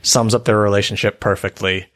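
Relaxed, thoughtful male podcast co-host with a somewhat low voice. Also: brisk. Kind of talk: casual chat.

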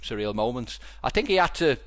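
A man's voice: mid-range voice, big pitch swings, fairly quick. A man with a Scouse accent from Liverpool, hosting a casual podcast and telling stories with lots of restarts and repeated words. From Liverpool, England. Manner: rambling storyteller with frequent restarts. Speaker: podcast host.

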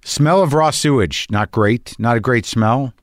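A man's voice: mid-range voice, a little slow, no room sound, studio quality. A man hosting a podcast, talking in a wry, anxious, profane ramble. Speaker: podcast host. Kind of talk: rambling casual monologue. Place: lives on the West Coast.

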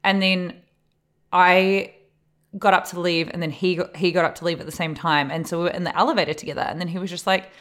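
A woman in her late twenties co-hosting a podcast, telling lively anecdotes and acting out what people said, swearing freely. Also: lowish voice, fast talker. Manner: animated storyteller, acts out quotes, swears freely. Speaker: podcast co-host. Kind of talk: casual chat.

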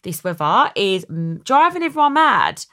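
A woman's voice: sing-song, pushed and bright. A young woman hosting a podcast, chatty and dramatic in a casual chat. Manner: chatty and dramatic, quick swings in pitch. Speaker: podcast host.

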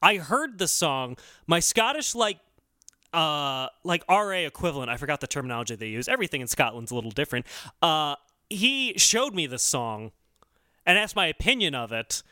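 A man in his thirties, co-hosting a podcast in casual, excitable chat with quick laughs. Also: a little high, dry recording, studio quality. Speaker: podcast co-host.

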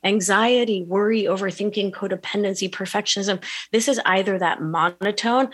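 A woman guest on a podcast, talking in an animated way about mindfulness and often asking "right?". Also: mid-range voice, normal speed, hardly any pauses. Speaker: podcast guest, wellness coach. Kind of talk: conversational interview.

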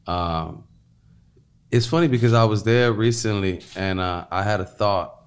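A man's voice: on the low side, a little slow. A man talking in a loose, rambling casual chat, full of fillers and repeats. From Chicago.

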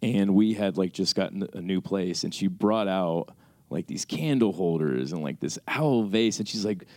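Low-voiced man telling a story. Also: moderate pace, no room sound, clean studio sound. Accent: American. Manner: animated, acts out his mother's side of a talk. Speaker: panelist answering audience questions. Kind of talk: live Q&A storytelling. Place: screening venue.

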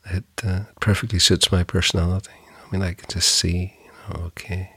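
A middle-aged man co-hosting a podcast, talking in a halting, wry way with chuckling asides. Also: low-pitched, level tone, fairly bright tone, husky, dry recording. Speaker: podcast co-host. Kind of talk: casual chat.

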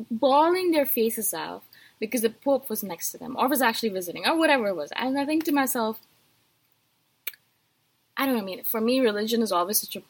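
Breathy, chatty woman podcast host. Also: mid-range voice. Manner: chatty, animated, self-deprecating. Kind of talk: casual solo talk.

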